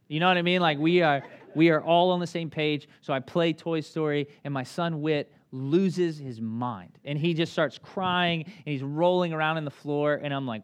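A man in his thirties preaching a sermon as a pastor, conversational and animated, with acted asides. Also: fairly high pitch, brisk.

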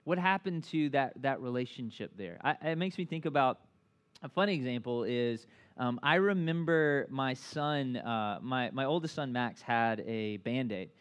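A man's voice: medium pitch, lively intonation, moderate pace, smooth. A pastor in his thirties preaching a casual sermon. He talks with lots of fillers, keeps asking the listeners questions, and jokes at his own expense. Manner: conversational, filler-heavy, asks the crowd often; self-deprecating humor.

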